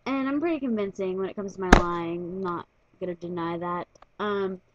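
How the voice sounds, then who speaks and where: A woman's voice: fairly low pitch, normal speed, highs cut off, background noise. A woman vlogger telling a story to her camera in a chatty, casual way, full of fillers and "like". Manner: chatty, filler-heavy retelling with frequent "like".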